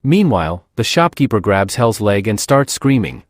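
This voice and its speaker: A man narrating a comic story recap in a brisk storytelling manner. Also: on the low side, sing-song, no room sound, studio quality.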